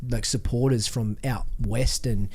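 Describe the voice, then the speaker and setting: A man's voice: medium pitch, steady tone, unhurried, darkish tone, breathy edge. An Australian man, a former fighter, telling stories on a podcast in a rambling, heavily swearing, restart-filled way. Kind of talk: casual podcast chat.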